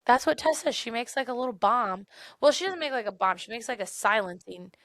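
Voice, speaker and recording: A young woman co-hosting a podcast, retelling a book's plot in a chatty, animated way with many fillers. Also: a little high, a little fast, dry recording. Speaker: podcast co-host. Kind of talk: casual book discussion.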